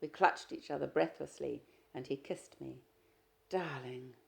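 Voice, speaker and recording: A woman narrating a novel in the first person, measured and expressive. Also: low-pitched, gravelly. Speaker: audiobook reader. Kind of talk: literary audiobook narration.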